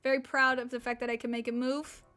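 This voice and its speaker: Young woman, about 20, from Mississippi, high-pitched, odd relaxed-jaw accent, chatty rambling streamer. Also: fast. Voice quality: unusual slack-jawed accent. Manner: rambling, swears, laughs often. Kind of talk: casual stream chat.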